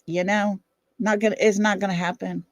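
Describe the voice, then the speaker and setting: A woman's voice: mid-range voice, steady tone, normal speed, dry recording, studio quality. A middle-aged woman with a Southern US accent hosting a casual livestream chat, blunt, defiant and fiery. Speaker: livestream host.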